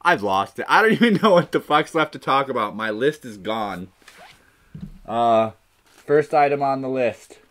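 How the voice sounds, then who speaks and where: A man's voice: mid-range voice, lively intonation, unhurried, fairly bright tone. A man hosting a solo podcast, rambling in a scattered, self-mocking way. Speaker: podcast host. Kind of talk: rambling solo comedy monologue.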